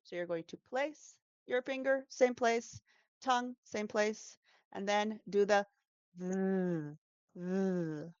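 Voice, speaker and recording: A woman's voice: on the high side, measured pace, smooth, no echo, highs cut off. A woman who teaches English, talking through pronunciation tips in a casual interview, explaining patiently and demonstrating sounds with frequent fillers.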